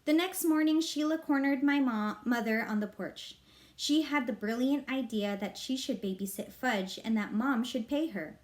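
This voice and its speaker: A woman reads a children's novel aloud with a fairly high voice. Her narration is expressive and lively, rising with the excitement of the story. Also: normal speed. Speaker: reader.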